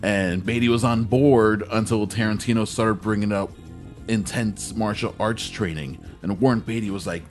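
A man's voice: on the low side, moderate pace, faint music behind. A man co-hosting a podcast, chatting casually and jokily, slipping into mock impressions. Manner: animated, jokey, slips into mock impressions. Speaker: podcast co-host. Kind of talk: casual chat.

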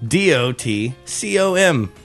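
Male podcast co-host, slow and playful, voice swinging up and down, faint guitar behind. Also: on the high side, sing-song, a bit bright. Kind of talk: casual podcast chat.

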